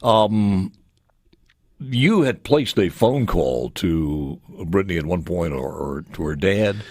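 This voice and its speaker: Man, radio talk host, very low voice, conversational, dry studio sound. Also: expressive, slow, darkish tone, husky, no room sound. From United States. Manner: conversational, prompting with short questions. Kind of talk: radio interview.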